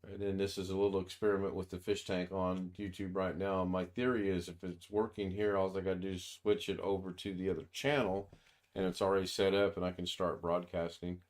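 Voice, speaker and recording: Teasing low-voiced American streamer. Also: male voice, level tone, fairly quick. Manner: storytelling, wry and teasing. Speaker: livestream host. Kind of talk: casual chat. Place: home streaming setup.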